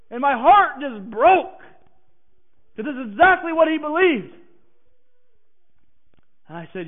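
A man preaching a personal testimony who swings from hushed, halting passages to emphatic declarations. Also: very high-pitched, sing-song. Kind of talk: sermon testimony. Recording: tinny phone-like sound.

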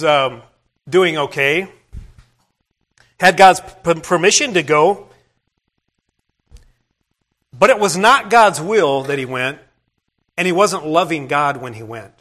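A man's voice: a little high, fairly bright tone. A man preaching a sermon, retelling a scripture story in a plain, conversational way with asides to the congregation.

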